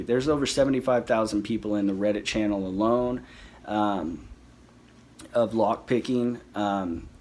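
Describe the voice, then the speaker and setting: Man in a casual to-camera monologue, low-pitched, friendly, rambling with plenty of fillers. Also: a little hiss or hum. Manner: rambling, loose, full of "you know" and restarts. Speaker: lock collector sharing tips.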